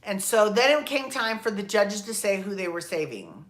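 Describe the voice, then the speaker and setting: A woman's voice: medium pitch, sing-song, moderate pace. A woman hosting her own show, talking alone in a chatty, rambling way, swearing freely and correcting herself as she goes. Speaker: podcast host. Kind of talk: casual solo commentary.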